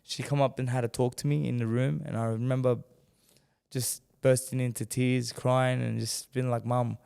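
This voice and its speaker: A man with a gravelly voice tells a story as a podcast guest, animated and acting out the people he quotes. His voice carries a long reverb from the room around him. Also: medium pitch, moderate pace. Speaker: guest, former world champion boxer. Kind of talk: candid storytelling in a podcast interview.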